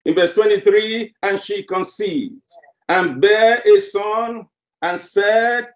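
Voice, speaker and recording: Man preaching, slow and emphatic, lots of repeating, dull lo-fi sound. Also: sits high. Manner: emphatic, repeats phrases for effect. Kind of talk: sermon. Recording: roomy, dull lo-fi sermon recording.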